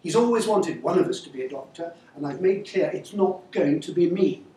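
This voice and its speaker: A man reads aloud, voicing a guarded, theatrical young woman who confides in a dramatic, self-pitying, brooding way; the voice comes across as a woman's, lowish, animated, brisk and mellow, close to an everyday voice. The room is echoey, with a far-off mic and faint ambience.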